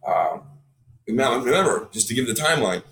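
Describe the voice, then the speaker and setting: A man talks at a rapid clip as a podcast guest, spinning long stories. He is animated, curses freely and slips into the voices of people he quotes. His pitch sits in the middle range. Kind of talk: storytelling in casual podcast chat.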